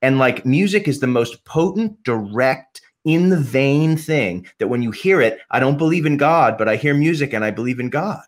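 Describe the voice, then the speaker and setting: Hardly pausing, a medium-pitched, animated man holds forth on music at a normal pace during a relaxed podcast appearance, swearing freely and backing up to restart sentences.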